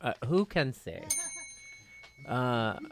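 A man's voice: medium pitch, very animated, slow. A man chatting as a podcast guest, rambling and gossipy with self-mocking humor. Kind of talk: casual comedic chat.

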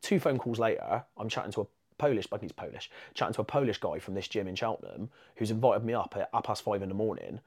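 A man with an English accent telling stories in a casual podcast chat, animated and laughing through his anecdotes. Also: lowish voice, quick pace, gravelly, breathy edge. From England.

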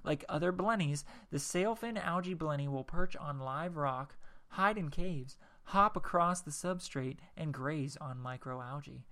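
Bright-voiced man rambling through a podcast. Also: on the high side, measured pace. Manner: rambling, jokey, stumbles over words. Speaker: podcast host. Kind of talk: casual solo podcast, reading aloud.

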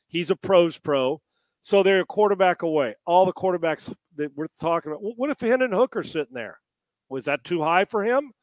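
A man's voice: high voice, animated, fairly quick, dry recording. Chatty man posing rhetorical questions, dry sound. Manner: rambling, fires off rhetorical questions. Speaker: sports show co-host. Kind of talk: casual sports talk.

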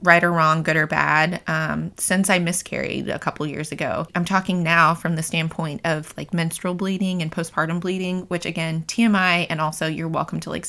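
A woman's voice: lowish voice, gravelly, fairly bright tone. A woman in her thirties hosting a podcast, talking casually and candidly with many "like" fillers and easy laughter. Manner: chatty, frequent "like" fillers, laughs easily. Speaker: podcast host. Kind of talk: casual personal chat.

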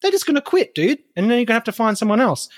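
A man talking as a podcast guest in a relaxed, animated way, laughing often. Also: extremely high pitch, very fast. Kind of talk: casual podcast conversation.

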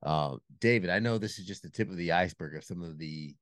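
Supportive deep-voiced male podcast host. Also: fast, fairly bright tone, no echo, clean studio sound. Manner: supportive, affirming. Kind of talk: interview hosting.

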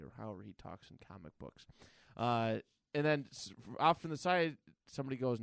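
A man's voice: mid-range voice, creaky, no echo, studio quality. A man co-hosting a comic book podcast, casually recapping a story in a rambling way and briefly acting out the characters' lines. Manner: rambling, acts out comic characters in quick put-on voices. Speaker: podcast co-host.

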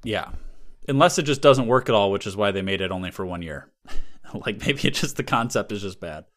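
A man hosting a casual podcast, relaxed and laughing often as he reads listener emails. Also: lowish voice, a little fast. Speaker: podcast host.

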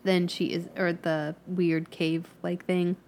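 Slow-speaking woman playing a tabletop game. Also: on the low side, level tone, darkish tone, a little hiss or hum. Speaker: player. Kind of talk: tabletop role-play, describing her character's actions.

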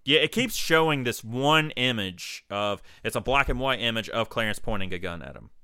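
A man's voice: mid-range voice, animated, moderate pace, pushed and bright, dry recording, clean studio sound. A man co-hosting a podcast, retelling movie scenes in casual, profane chat and acting out the lines. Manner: retelling scenes, quoting lines in gruff voices, swears a lot. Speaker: podcast co-host.

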